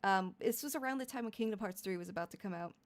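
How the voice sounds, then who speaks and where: A woman's voice: medium pitch, fast talker. A young adult woman chatting casually on a live stream, giggly and rambling, laughing often. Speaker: VTuber streamer.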